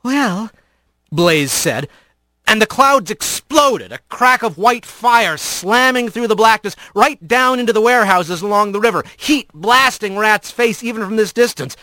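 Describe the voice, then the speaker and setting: Bright-voiced male storybook narrator. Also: high voice, lively intonation, a little slow, no echo. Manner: vivid, varied reading.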